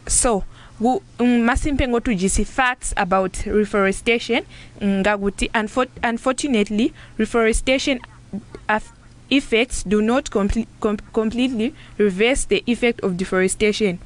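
A young woman with a slightly high voice explains facts on a youth radio panel. She moves between English and a local language and often breaks off and restarts her words. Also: normal speed. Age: young adult. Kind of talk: explaining on a radio talk show.

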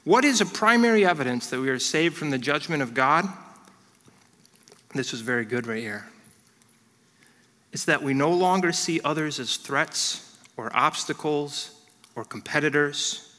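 A man preaching a sermon as pastor, earnest and direct, dropping into soft prayer and light family stories. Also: on the high side, expressive, unhurried, long pauses, big-room sound. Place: church hall.

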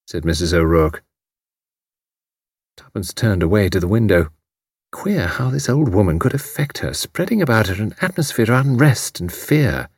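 A man narrating an audiobook in a measured, expressive reading style, close to the mic. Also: lowish voice, breathy edge, dry recording. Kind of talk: scripted narration.

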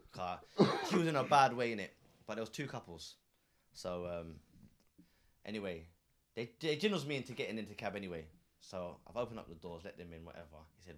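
Animated man telling a cab story. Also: sits low, fast, slight background noise. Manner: animated, laughing, slangy, acts out voices. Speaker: podcast co-host, cab driver. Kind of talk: casual storytelling chat.

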